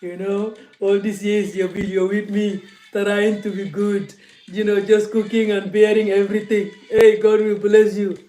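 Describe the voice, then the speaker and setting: A woman voicing a remorseful husband who sweet-talks and praises his long-suffering wife in a loud, drawn-out, pleading way. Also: medium pitch, flat delivery, reverberant, natural voice, poor audio.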